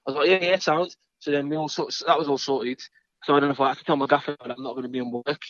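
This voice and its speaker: A man's voice: medium pitch, steady tone, rapid-fire, no echo, highs cut off. A man, a guest in an interview, talking in an easygoing, rambling way and repeating his words. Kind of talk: casual interview chat.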